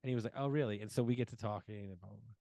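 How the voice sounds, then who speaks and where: A man's voice: fairly low pitch, racing, warm tone, no echo. A man in his forties telling a long personal story as a podcast guest, acting out quoted dialogue with plenty of fillers. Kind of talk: casual storytelling interview.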